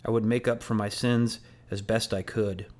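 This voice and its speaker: A man reading a novel aloud in first person, measured and earnest. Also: lowish voice, little pitch movement, a little mellow. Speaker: audiobook narrator.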